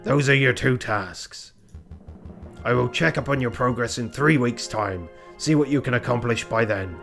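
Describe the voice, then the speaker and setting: A man's voice: medium pitch, normal speed, creaky, fairly bright tone, soft background music. A man voicing a stern, pompous male bird police inspector in a strained, forced official tone. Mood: commanding.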